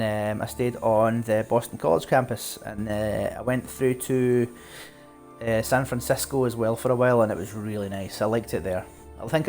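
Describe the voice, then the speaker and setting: A man from Glasgow with a Scottish accent, chatting casually and warmly with viewers while he plays a game live. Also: mid-range voice. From Scotland, Glasgow. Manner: chatty, friendly, asks viewers questions, laughs often. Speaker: streamer.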